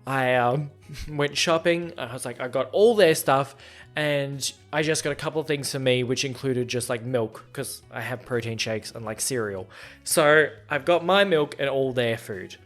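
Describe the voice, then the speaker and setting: A man's voice: medium pitch, normal speed, fairly bright tone, soft background music. A young man hosting a podcast, telling a rambling, self-deprecating story in casual chat and acting out both sides of conversations. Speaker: podcast host.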